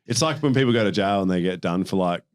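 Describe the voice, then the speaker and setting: A young man hosting a podcast, telling rambling, animated stories and swearing freely. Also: low voice, fast, dry recording, studio quality. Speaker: podcast host. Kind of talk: casual chat.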